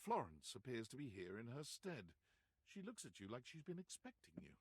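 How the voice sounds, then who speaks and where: A man's voice: mid-range voice, wildly swooping pitch, fairly quick, a little hiss or hum. A man narrating a video game in a matter-of-fact way.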